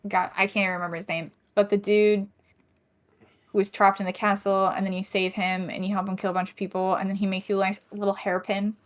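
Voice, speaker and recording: Animated woman podcast co-host. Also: medium pitch, fast talker. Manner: animated storytelling, acting out game characters. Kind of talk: casual chat.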